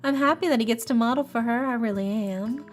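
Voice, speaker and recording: A woman's voice: fairly high pitch, fairly quick, soft background music, voice pushed up, natural voice. A woman voicing a gossipy young Southern belle woman with a put-on Southern accent, reading her lines aloud. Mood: fretful gossip. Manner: sweet, chatty, gossipy.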